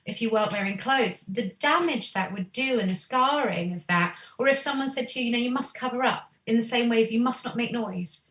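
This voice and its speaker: A woman's voice: a little high, a little fast, hardly any pauses, reverberant, distant mic. A woman singer and singing teacher, a podcast guest, talking in a thoughtful, earnest way about her voice and growing up. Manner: earnest, thoughtful, animated when quoting herself. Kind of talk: reflective interview chat.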